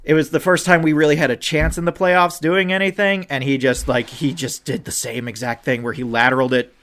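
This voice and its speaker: Ranting young man, loud and then muttering. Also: a little high, fairly quick. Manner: animated, ranting, swings from loud outbursts to muttering, swears. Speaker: podcast co-host. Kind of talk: casual podcast rant.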